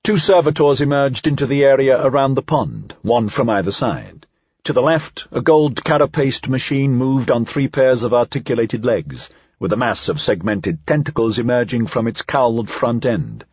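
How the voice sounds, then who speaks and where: Male audiobook narrator, husky, lively pitch, dull dry recording. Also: moderate pace, no echo. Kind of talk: scripted narration.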